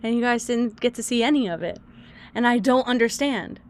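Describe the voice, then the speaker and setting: A woman's voice: fairly high pitch, brisk, slight background noise. A woman game streamer chatting casually with viewers, exasperated, swearing and laughing at her own troubles. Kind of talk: casual live-stream chat.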